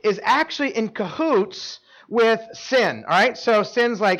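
A man delivers a sermon in a notably high voice, pulling volunteers up to act out his point. He talks in an animated way, doubling words and restarting sentences, and tosses quick asides to his listeners. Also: rough recording. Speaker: preacher. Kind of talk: sermon with live volunteer demonstration.

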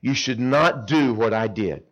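A middle-aged man preaching an animated sermon to teenagers at a camp, telling stories with acted-out voices and swinging between loud and hushed. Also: mid-range voice, a little slow, dull audio. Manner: dramatic storytelling, acts out characters, swings between loud and hushed. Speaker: camp speaker.

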